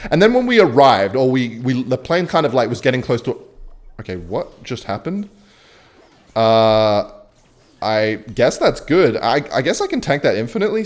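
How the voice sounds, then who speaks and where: Young man, gaming streamer, storytelling while playing, swears a lot, rambling. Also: medium pitch. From Western Australia. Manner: rambling, swears often, drops to quiet mutters for gameplay.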